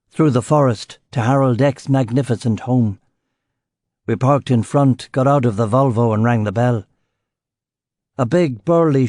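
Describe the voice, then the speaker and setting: A man's voice: mid-range voice, a little mellow, no room sound, clean studio sound. Man narrating a crime audiobook dryly. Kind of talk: first-person audiobook narration.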